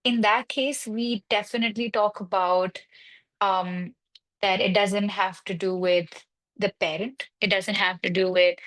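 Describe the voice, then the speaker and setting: A woman's voice: medium pitch, fairly even intonation, a little slow, a bit bright, low-quality recording. A woman counseling psychologist in a webinar discussion, reassuring and explaining with everyday examples. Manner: reassuring, explains with examples and quoted parent worries.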